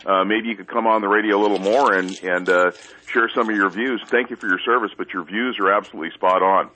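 A man's voice: fairly low pitch, sharp tone, a little hiss or hum. A man calling in to a talk radio show, effusive and full of "I mean"s. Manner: effusive, talks fast with many "I mean"s. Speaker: caller. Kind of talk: call-in talk. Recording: tinny phone line.

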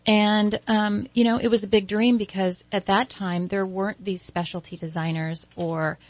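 A woman in her forties, a guest event designer, chatting in an interview and telling lively stories. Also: mid-range voice, moderate pace, no room sound. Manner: animated storyteller, acts out quoted voices. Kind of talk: casual interview chat.

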